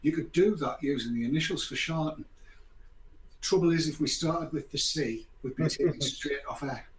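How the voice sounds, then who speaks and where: With a slightly high voice at a moderate pace, an older host rambles sarcastically in a casual chat, tossing out mock apologies. The recording is echoey with faint noise behind him.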